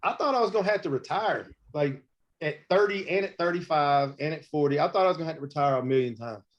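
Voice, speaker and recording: Guy in his 40s, hip hop artist, chatty storyteller, kinda high voice, dull lo-fi recording. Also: fast talker. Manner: animated storyteller, acts out quotes. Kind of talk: casual storytelling interview. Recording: muffled lo-fi recording.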